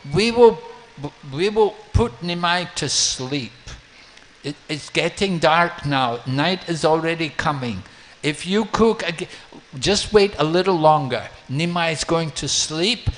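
A man's voice: fairly high pitch, fairly bright tone. A man voicing anxious parents who apologize and plead with a guest, in a storytelling talk.

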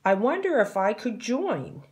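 A bright, excitable young cow from a storybook, hopeful and a little clumsy, as a woman reading aloud puts her on. Her voice rides higher than the narration and yelps out whenever things go wrong. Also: measured pace. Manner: hopeful, excitable, cries out loudly.

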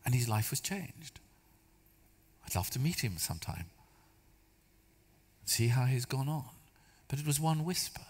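A man's voice: medium pitch, big pitch swings, measured pace, pauses often, darkish tone, husky. Guy preaching, chatty storytelling, bits of humor, big echoey church hall. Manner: storytelling, conversational, self-deprecating humor. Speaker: church speaker. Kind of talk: sermon. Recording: long hall reverb.

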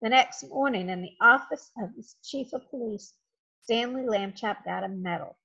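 Husky woman reading a children's book aloud. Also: fairly high pitch, normal speed. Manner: expressive, dramatic read-aloud. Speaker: storybook reader. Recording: dull lo-fi home recording.

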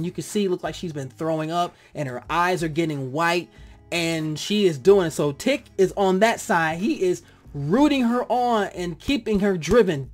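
A reviewer talking casually and animatedly about a TV episode, acting out their own reactions and drifting into heartfelt tangents. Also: mid-range voice.

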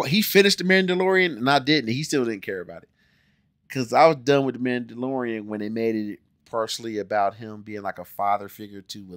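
Animated forty-year-old American man, dry sound. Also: lowish voice, no echo. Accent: American, Ohio. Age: 40s. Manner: animated, swings between loud exclamations and muttered asides. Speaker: YouTube host reacting to a music video. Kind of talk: casual reaction commentary.

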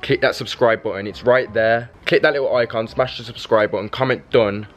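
A young man with a slight lisp, chatting excitedly to camera as a prank vlogger and pleading with viewers. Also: medium pitch, a little fast, soft background music. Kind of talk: casual vlog talk to camera.

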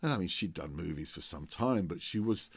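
A man's voice: low voice, animated, a little fast, breathy edge. A man, a magician, telling a rambling film-set anecdote with many restarts. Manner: rambling, with frequent restarts and acted-out quotes.

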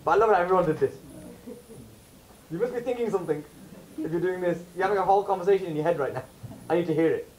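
A man from the UK giving an informal lecture to a camp audience, animated and questioning, mixing Punjabi phrases into English. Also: high voice, racing, long pauses, slight background noise, low-quality recording. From United Kingdom.

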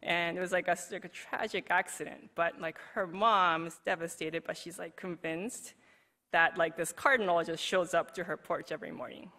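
Woman presenting at a conference, bright voice, rambly and casual, says like a lot. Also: fairly low pitch, fairly even intonation, moderate pace. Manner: chatty, heavy use of "like", laughs easily. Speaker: conference speaker. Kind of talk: recorded presentation talk.

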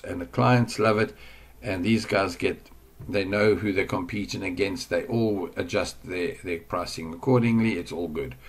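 A man giving a casual screen-share lesson on online marketing. He rambles and chats, and he drifts off the mic now and then while working at his computer. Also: on the low side.

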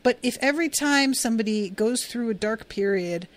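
A woman's voice: a little high, expressive, normal speed. Woman, podcast host, casual recap, chatty, full of fillers, acts out quotes.

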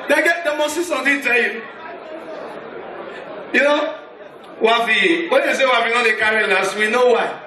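A man with a Nigerian accent doing stand-up comedy on a concert stage, telling loud, animated stories. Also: far from the mic. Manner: loud, animated storytelling with sudden shifts in pitch. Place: large concert hall with live audience. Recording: echoey hall, mic off a bit, crowd noise.

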